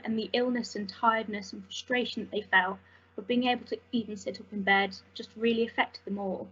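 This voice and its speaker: A young woman telling a personal story as a volunteer, earnest and halting with emotion. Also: on the high side, a bit bright, slightly rough, lo-fi sound. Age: young adult. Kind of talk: personal testimony.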